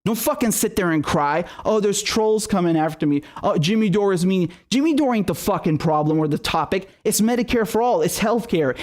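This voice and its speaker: Reading viewer messages before breaking into a furious, expletive-laden tirade, this political livestream host circles back over the same points again and again. He has a high voice with a darkish tone.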